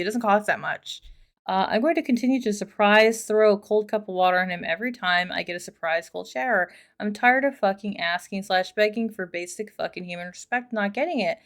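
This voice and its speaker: A woman reads online stories aloud, then breaks off to comment. Her voice is middle-pitched and conversational. She swears freely and wanders into chatty asides. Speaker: host reading and reacting to online posts. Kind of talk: casual commentary and reading aloud.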